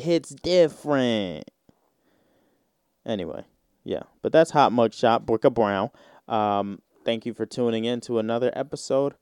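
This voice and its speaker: A man's voice: medium pitch, moderate pace, a little mellow, clear, resonant tone, dry recording, studio quality. A man hosting a solo podcast, rambling in casual slang with lots of fillers. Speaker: podcast host.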